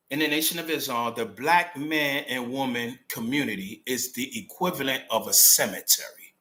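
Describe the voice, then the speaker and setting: A man's voice: fairly high pitch, bright, forceful tone. A middle-aged man with a New York accent giving an emphatic, unscripted commentary monologue full of street slang. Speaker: channel host.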